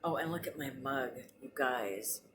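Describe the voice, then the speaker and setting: A woman around forty talks casually at home for her vlog in a low, deep voice. She rambles along with plenty of fillers and restarts. A faint hiss sits under the recording. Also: animated, a little slow, a bit bright. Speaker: vlogger. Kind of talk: casual chat. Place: apartment.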